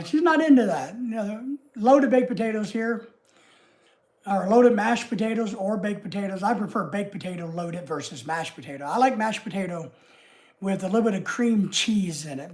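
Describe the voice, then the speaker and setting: A woman with a Southern US accent chats on her own livestream in a loose, rambling way. Her talk wanders from one aside to the next, homey and relaxed. Her voice sits at an ordinary middle pitch. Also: normal speed. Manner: rambling and homey, chatting easily with frequent asides. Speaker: livestream host. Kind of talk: casual livestream chat with viewers.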